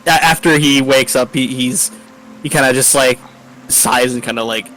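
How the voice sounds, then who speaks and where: A man playing in a tabletop game, describing his character's actions haltingly as he thinks aloud. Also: mid-range voice, a bit bright, slight background noise, rough recording. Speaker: player. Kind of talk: casual tabletop role-play chat.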